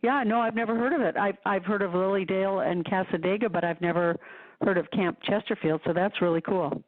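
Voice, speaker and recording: A woman's voice: mid-range voice, fairly quick. A woman hosting a radio talk show who listens supportively and reacts to her guest with exclamations. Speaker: host. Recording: tinny phone line.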